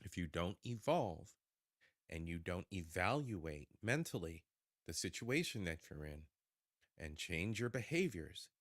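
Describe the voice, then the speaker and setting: A man hosting a reaction show, talking excitedly and repeating himself as he speaks to viewers. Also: deep voice, measured pace, no echo, studio quality. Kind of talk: reacting to a video.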